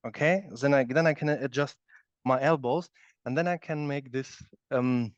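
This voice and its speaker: In a dull, dry studio recording without echo, a German-native man teaches a live yoga session at a moderate pace and medium pitch. He demonstrates the poses while describing them, frequently asking "okay?".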